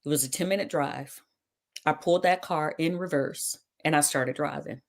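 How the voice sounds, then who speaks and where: A woman's voice: sits low, normal speed, creaky. A woman talk show host telling her own story as a personal testimony, dramatically retelling events and quoting what people said. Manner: dramatic retelling with quoted dialogue.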